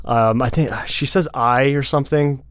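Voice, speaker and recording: A man with a mid-range voice co-hosts a casual podcast chat, talking in quick bursts full of "like" fillers. The sound is close and dry, with no room sound. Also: medium pitch, clean tone, dry recording. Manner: rapid bursts, many "like" fillers. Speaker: podcast co-host.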